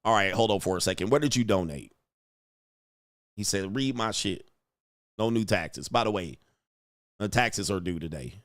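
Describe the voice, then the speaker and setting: A man's voice: fairly low pitch, dry recording, studio quality. A young adult man, a dating coach, hosts a casual livestream, reading out viewer donations and commenting in a blunt, slangy, profane way.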